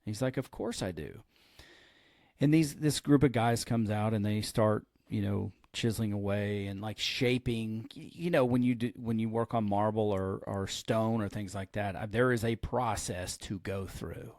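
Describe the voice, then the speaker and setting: A man's voice: lowish voice, moderate pace, dry recording, studio quality. A man who is a pastor and podcast host, telling a story in casual chat and acting out the lines of the people in it. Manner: animated storyteller who acts out quoted lines.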